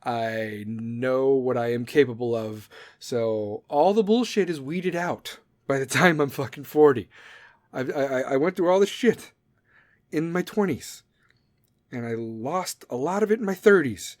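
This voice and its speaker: A man's voice: medium pitch, a little slow. A man in his thirties hosting a podcast, talking in a blunt, profane, rambling monologue that drifts off on tangents. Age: 30s. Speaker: podcast host.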